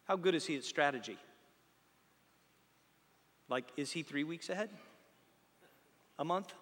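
Man, pastor, bright high voice, conversational sermon, reverb of a large hall. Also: measured pace. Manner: conversational, animated, rhetorical questions, jokey asides.

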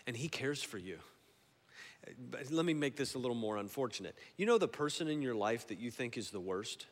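A man's voice: medium pitch, lively intonation. Emphatic preacher man in echoing church. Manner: swings from soft and slow to loud and emphatic. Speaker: pastor. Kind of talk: sermon. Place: church sanctuary. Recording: long hall reverb.

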